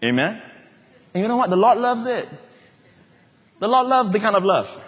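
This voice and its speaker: A man's voice: high voice, normal speed, pauses often, breathy edge. Humorous man preaching in a hall. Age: middle-aged. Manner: animated, humorous preaching with laughter. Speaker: pastor. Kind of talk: sermon.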